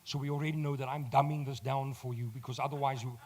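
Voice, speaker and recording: A South African man with a croaky voice giving a motivational talk to a live audience. He speaks directly to the crowd, teases them, and swells loud when he makes a point. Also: mid-range voice, level tone, fast talker.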